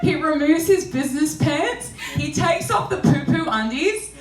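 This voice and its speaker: A high-pitched, animated woman speaks at a measured pace over soft background music. She's a stand-up comedian in a small live venue, telling crude jokes about herself and laughing as she goes. The distant mic captures a roomy space and an audience laughing and reacting.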